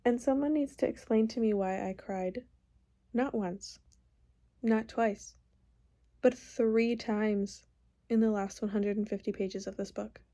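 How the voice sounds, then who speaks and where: Speaking at a measured pace and pausing often, a young woman vlogger talks about books in a casual, gushing way, saying "like" constantly while crying happy tears. Her warm, medium-pitched voice stays fairly even in intonation.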